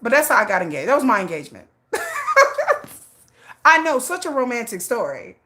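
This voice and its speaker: A middle-aged woman hosting a livestream, telling a story in blunt, laughing, animated casual chat. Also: high voice, moderate pace. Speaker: livestream host.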